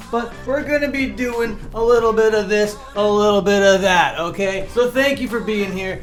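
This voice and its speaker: A man hosting a mock-serious comedy commentary, lecturing sarcastically. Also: high voice. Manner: sarcastic, lecturing, with mocking impressions. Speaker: youtuber host.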